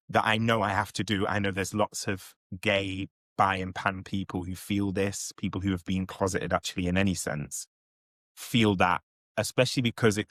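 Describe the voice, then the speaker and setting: Young male vlog host, low-pitched, candid and reflective, dry close sound. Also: a bit bright, no echo. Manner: candid, self-aware, laughs often. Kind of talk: reflective casual monologue.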